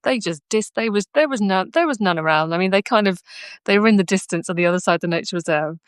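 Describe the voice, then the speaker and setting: A woman's voice: medium pitch, fast talker, smooth, dry recording, studio quality. A woman from southern England hosting a live art session, chatting casually with many restarts and frequent laughs. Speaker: art club host. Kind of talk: casual chat during a live sketch-along. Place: art studio.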